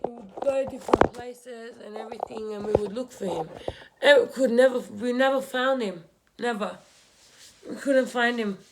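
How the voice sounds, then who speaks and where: A young woman, telling a painful family story in a vlog while crying, halting and repeating herself. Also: fairly high pitch, very noisy. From Australia. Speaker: vlogger. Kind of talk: emotional personal story while doing makeup. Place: home room, indoors.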